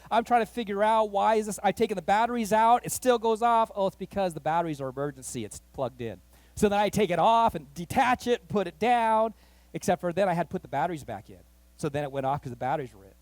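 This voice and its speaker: A man pastor telling a story in a sermon, animated and acting out the voices of the people in it. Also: sits high, no room sound. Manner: animated, acts out quoted voices, rising excitement. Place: church.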